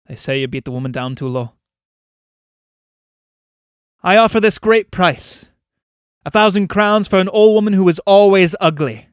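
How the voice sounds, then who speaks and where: A proud, mocking merchant of souls, as a man reads him. He is scornful and unhurried, and his voice sits rather high in a dry, close recording. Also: clean tone, no room sound, lightly acted.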